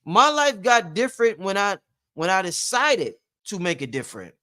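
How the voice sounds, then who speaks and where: A man with a slightly high voice speaks to his livestream audience in a loose, rambling way. He preaches his points and repeats them for emphasis, keeping a casual, motivational tone. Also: big pitch swings, moderate pace, bright, forceful tone. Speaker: livestream host.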